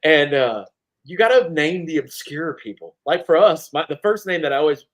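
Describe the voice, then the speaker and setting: A man's voice: a little high, lively intonation, moderate pace. A man from North Carolina co-hosting a sports podcast, talking emphatically in casual chat and swearing freely. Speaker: podcast co-host.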